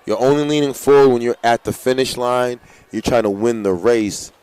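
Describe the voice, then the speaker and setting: Excitable man calling a track race. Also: mid-range voice, moderate pace, smooth, dry recording. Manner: excitable, hypes runners and gives coaching tips. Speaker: race announcer. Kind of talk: live track meet commentary.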